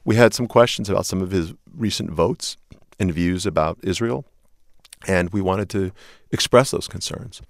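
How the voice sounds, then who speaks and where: A man with an extremely low, deep voice gives earnest, measured answers in a broadcast interview. The sound is dry and close, with no room around it. He often sets up his points with a firm "look.". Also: no room sound. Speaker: interview guest, civil rights group leader.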